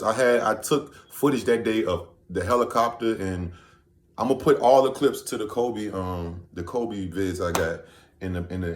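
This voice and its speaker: Low-voiced man rambling in an echoey room. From Virginia, USA. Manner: loose, rambling, full of "you know what I'm saying". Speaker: vlogger. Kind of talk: casual storytelling to camera.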